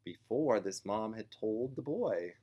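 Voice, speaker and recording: A man teaching parents, explaining child behavior gently and acting out a parent and child as he goes. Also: fairly low pitch, lively intonation, breathy edge. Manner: slow, gentle, acts out parent and child voices. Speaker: family sign language teacher.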